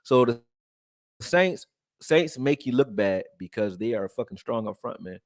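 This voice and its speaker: A man from Texas, raised in Philadelphia, breaking down football film and reading chat on a live stream in a loose, profane, animated way. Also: medium pitch, measured pace, no room sound, studio quality. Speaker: sports commentary streamer.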